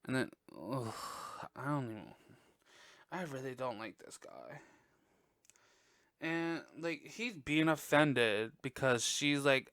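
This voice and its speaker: A man hosting a podcast and reviewing a movie in casual chat, blunt, profane and gossipy, with sudden high exclamations. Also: very animated, takes it slowly, long pauses, a bit bright, dry recording, clean studio sound. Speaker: podcast host.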